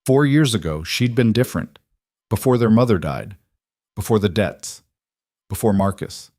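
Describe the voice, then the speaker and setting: A man reading a dramatic romance-thriller story in a measured, even narration. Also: fairly low pitch, no echo, studio quality.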